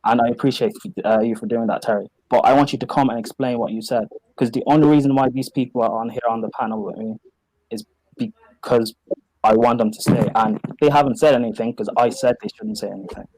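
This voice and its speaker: Casting: stream host, firm and controlled, mid-pitched, dry sound. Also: male voice, fairly even intonation, a little fast, warm tone, no room sound, low-quality recording. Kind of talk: confrontational moderation.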